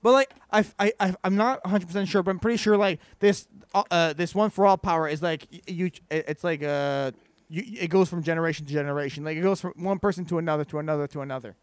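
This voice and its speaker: A man's voice: fairly high pitch, fast, clear, resonant tone, dry recording. A young man hosting a casual podcast chat, rambling and stumbling over his words with lots of fillers. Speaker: podcast host.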